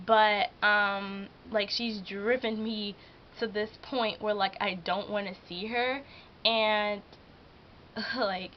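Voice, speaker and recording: A woman's voice: medium pitch, highs cut off, a little hiss or hum. A teenage girl vlogging at home, telling a story about her job in a chatty, emotional way with lots of "like". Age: teens. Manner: chatty, heavy use of "like", emotional venting. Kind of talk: casual vlog storytelling. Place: hot room at home.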